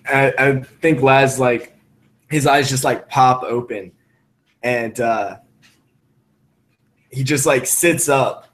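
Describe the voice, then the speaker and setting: A man playing a tabletop game, talking casually and halting as he restarts his sentences. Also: mid-range voice, fairly even intonation, a bit bright, slight background noise. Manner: hesitant, halting speech with restarts. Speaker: player.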